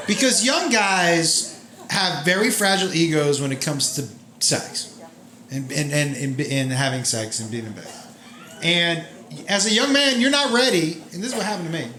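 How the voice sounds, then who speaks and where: A middle-aged man telling a story on a comedy club stage in an animated, profane, conversational way. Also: high-pitched. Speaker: stand-up comedian. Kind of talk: stand-up storytelling. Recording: echoey live room with loud crowd. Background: loud audience laughter.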